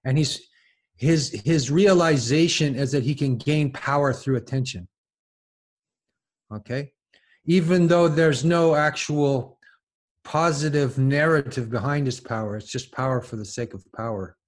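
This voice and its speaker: Halting, thoughtful man thinking aloud. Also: medium pitch. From lives in France. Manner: halting, many restarts and repeated words, thinking aloud. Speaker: podcast guest. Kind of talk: casual intellectual conversation.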